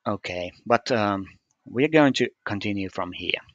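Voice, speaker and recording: A man's voice: lowish voice, lively intonation, normal speed, fairly bright tone, no room sound, dull audio. A man walking through a puzzle solution step by step, hesitant and methodical, with frequent fillers. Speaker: puzzle solver explaining solutions. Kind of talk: screen-recorded puzzle walkthrough.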